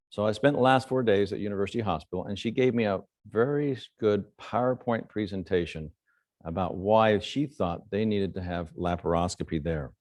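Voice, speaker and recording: Low-voiced man telling surgical stories. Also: no room sound, studio quality. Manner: storytelling, animated quotes, frequent fillers. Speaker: surgeon giving a lecture. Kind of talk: conference talk with anecdotes.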